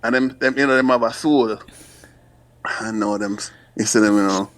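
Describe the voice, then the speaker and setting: A Jamaican man chatting casually, telling animated stories with frequent laughter and bits of patois. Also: lowish voice, moderate pace. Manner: animated storyteller, laughs often, slips into patois. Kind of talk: casual chat.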